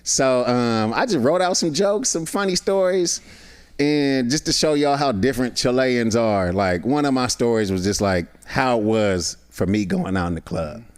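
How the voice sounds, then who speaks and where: A man's voice: mid-range voice, normal speed, clear, resonant tone. A man, a guest actor and comedian, telling stories in a casual chat and acting out the voices of people in them. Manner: animated, acts out voices in his stories. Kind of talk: casual storytelling.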